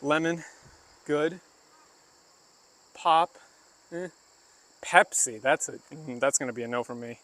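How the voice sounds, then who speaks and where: A man livestreams outdoors while walking a rural path near the woods, chatting loosely with viewers, answering chat and demonstrating phrases. His fairly high, fairly bright voice is slow, with frequent pauses.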